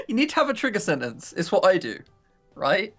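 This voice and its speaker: A male streamer chats and jokes with his co-player in a relaxed, teasing way. His voice moves lively up and down in pitch, and faint music runs under the talk. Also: moderate pace. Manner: laughing, teasing banter. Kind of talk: casual live-stream chat.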